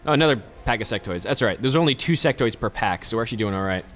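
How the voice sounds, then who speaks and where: A man's voice: on the low side, expressive, very fast, a bit bright, soft background music. Chatty man narrating his gameplay. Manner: chatty, joking asides to viewers. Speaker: let's play host. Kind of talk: casual gameplay commentary.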